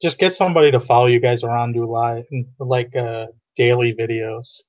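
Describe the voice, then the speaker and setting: A man co-hosting a casual live-stream chat, making quick joking asides. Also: mid-range voice, fairly even intonation, dull audio. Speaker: podcast co-host.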